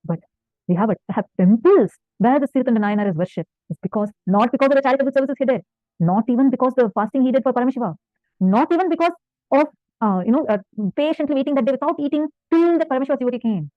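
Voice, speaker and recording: A woman's voice: high-pitched, expressive, racing, no room sound. A woman spiritual teacher telling a devotional story in a sermon, earnest and fervent, repeating points for emphasis. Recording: tinny phone-like dry sound.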